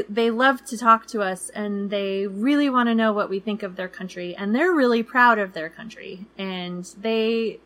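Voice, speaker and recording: A woman's voice: medium pitch, a bit bright. A woman in her thirties co-hosting a travel podcast in casual chat, talking loosely with many fillers and acting out people she quotes. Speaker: podcast co-host.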